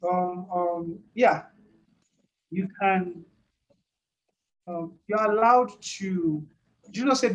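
A man preaching a sermon with emphatic, repetitive phrasing and a fairly high voice for a man. He often laughs between points and drives each idea home by saying it again. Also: a little slow, pauses often, rough recording.

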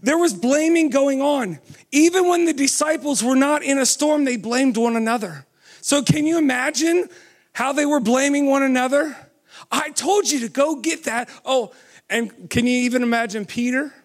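A man with a high voice delivers a sermon. He keeps turning to his listeners with questions and pushes them on with "come on". His pace shifts between brisk runs and slow, stretched words. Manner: asks the audience many questions, urging with "come on"; pace swings from quick to slow and drawn out. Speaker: preacher.

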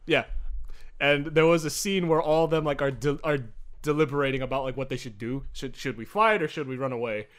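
A man's voice: a little high, brisk, fairly bright tone. A young man co-hosting a podcast, rambling casually with many fillers and frequent laughter. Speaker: podcast co-host. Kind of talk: casual chat.

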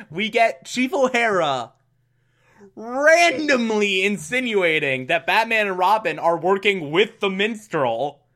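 A man's voice: high-pitched, pushed and bright. A man giving a comic, wry recap of a television episode. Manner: slow, amused and wry.

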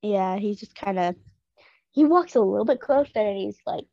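A woman's voice: medium pitch, lively intonation, normal speed, creaky, warm tone, dry recording, muffled recording. A woman co-hosting a podcast, chatting casually and with amusement about a TV episode. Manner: laughing, chatty commentary. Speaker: podcast co-host.

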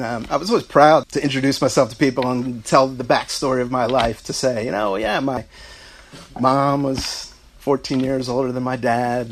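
A middle-aged man with a mid-range voice gives a heartfelt speech about his parents, telling family anecdotes and laughing through them. His storytelling has warm asides, and there's slight background noise.

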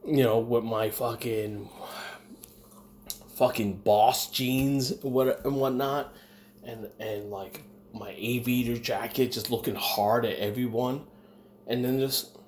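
A man's voice: mid-range voice, steady tone, slow, a little mellow, slight background noise. A man in casual chat, telling blunt, profane stories and acting out what people said. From United States. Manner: blunt, profane storytelling with acted quotes.

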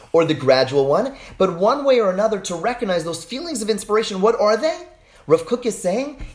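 Earnest woman teaching a Torah lesson. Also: fairly low pitch. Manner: earnest, conversational, frequent restarts and "you know".

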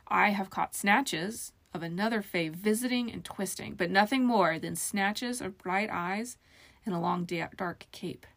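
A woman's voice: mid-range voice, unhurried, gravelly, fairly bright tone. A woman voicing a sly, ancient magic mirror spirit that speaks in a mocking, teasing, sometimes sing-song or whispered way. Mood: haughty.

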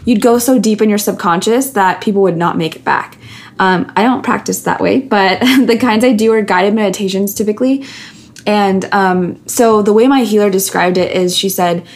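A woman's voice: medium pitch, normal speed. A woman, a podcast guest, talking candidly and earnestly, telling personal stories with many restarts and fillers.

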